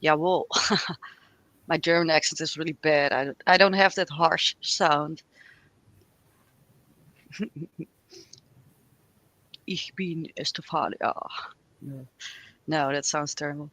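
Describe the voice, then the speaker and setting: Woman, tarot co-host, casual rambling chat, unhurried, bright voice. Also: low voice, steady tone, dry recording. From Spain. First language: Spanish. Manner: rambling, chatty, laughs often, trails off mid-sentence. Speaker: tarot reader, livestream co-host.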